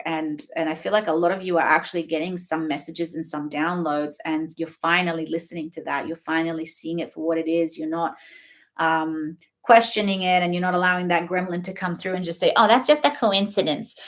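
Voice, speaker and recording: A young adult woman giving a casual, rambling oracle card reading, chatty and often laughing between thoughts. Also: fairly low pitch. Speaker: tarot reader.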